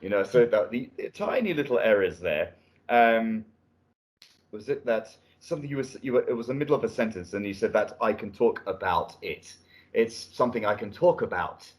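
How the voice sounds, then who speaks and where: A man's voice: fairly low pitch, animated, normal speed. A middle-aged British man giving spoken feedback as a speaking test examiner. He is encouraging and often restarts phrases. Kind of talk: spoken feedback on a mock exam. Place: indoor room at a language academy.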